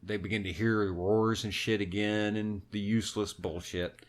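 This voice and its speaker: A man's voice: lowish voice, normal speed. A man swearing through a film retelling. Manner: animated, heavy swearing, recounts a film plot. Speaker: podcast co-host. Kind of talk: casual profane chat.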